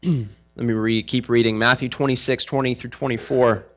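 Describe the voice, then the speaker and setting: A man's voice: medium pitch, fairly even intonation, moderate pace. A man preaching a sermon, reading scripture and explaining it in a conversational way, sometimes acting out the disciples' voices. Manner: frequent fillers and restarts. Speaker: pastor.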